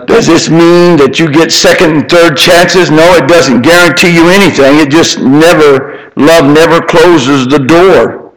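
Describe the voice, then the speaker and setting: An older man delivers a sermon in a fairly high voice. He moves from fervent, climbing exhortation to hushed, gentle storytelling. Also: measured pace, hardly any pauses, rough recording. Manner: impassioned, rising to high emphatic peaks, then soft tender storytelling. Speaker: preacher.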